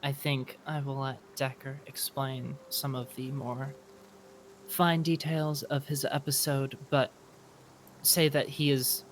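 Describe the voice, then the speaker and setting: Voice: medium pitch, level tone, takes it slowly, a little hiss or hum. A player casually narrating their character's actions in a tabletop game.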